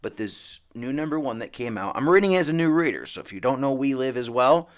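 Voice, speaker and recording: A man's voice: medium pitch, animated, quick pace. A man hosting a casual comic book podcast, rambling and emphatic, with frequent restarts. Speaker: podcast host.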